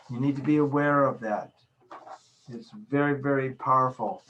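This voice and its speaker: A man's voice: medium pitch, steady tone, normal speed, fairly bright tone, muffled recording, a little hiss or hum. A man lecturing in a recorded video session, emphatic, repeating his key phrases and acting out small examples. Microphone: video call.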